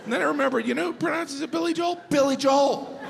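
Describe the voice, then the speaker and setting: A man doing a stand-up comedy set, telling stories deadpan with sudden high exasperated bursts. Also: rapid-fire, creaky. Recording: live hall with audience laughter. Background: crowd laughter and room ambience.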